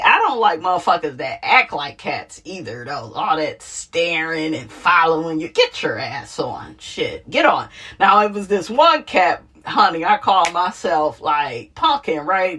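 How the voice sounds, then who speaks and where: Sassy, animated woman gossip host. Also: fairly low pitch, measured pace, breathy edge. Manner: sassy, animated, laughs often, calls viewers honey. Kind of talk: casual reality TV gossip commentary.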